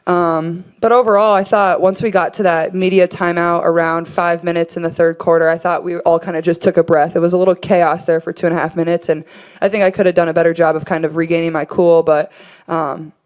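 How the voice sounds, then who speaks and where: A woman's voice: on the low side, little pitch movement, a little fast. A woman athlete answering questions at a press conference in a candid way, with fillers. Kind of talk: post-game press conference.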